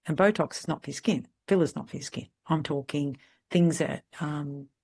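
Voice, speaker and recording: A middle-aged woman with an Australian accent, a podcast host telling candid, lively stories in casual chat. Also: deep voice, moderate pace, creaky, husky. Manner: lively, candid anecdotal storyteller. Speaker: podcast host, salon mentor.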